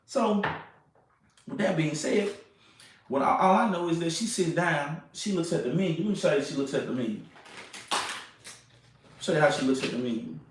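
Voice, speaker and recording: A young man telling a date story in a casual, animated way, repeating phrases and asking "you know what I'm saying". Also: a little high, normal speed, long pauses, far from the mic, slight background noise. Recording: echoey room, off-mic.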